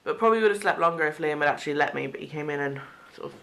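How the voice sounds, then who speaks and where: A woman's voice: low-pitched, very fast, vocal fry, a bit bright. Young woman, from Cheshire, casual vlog chat, giggly storytelling. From Cheshire, England. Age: young adult. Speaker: vlogger.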